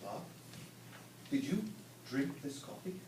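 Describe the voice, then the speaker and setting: A grandiose, jumpy conspiracy theorist, played by a young man on a school stage. His very high voice swings between dramatic proclamations and panic. The sound is distant and echoey, as if taken from the back of a hall. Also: animated, normal speed, background noise. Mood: suspicious. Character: paranoid conspiracy-minded male office worker. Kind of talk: stage play acting. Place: school stage before an audience.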